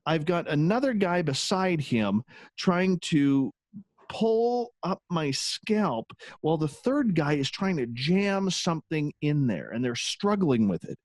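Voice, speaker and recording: A man tells a personal story in a relaxed, candid way, his pitch rising and falling freely as he goes. He talks like a radio host who is used to the mic. The sound is close and dry, with no room around it. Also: takes it slowly, no echo. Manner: animated, candid, swears casually. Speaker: guest, radio show host. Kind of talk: casual storytelling in an interview.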